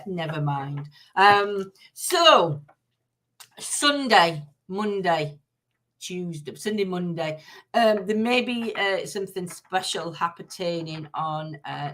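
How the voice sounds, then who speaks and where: A middle-aged woman with a Northern English accent chats casually on a live stream, her voice sitting fairly low but sounding bright and sharp. She rambles through plenty of ums and greets each viewer by name. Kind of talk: casual live-stream chat, reading oracle cards.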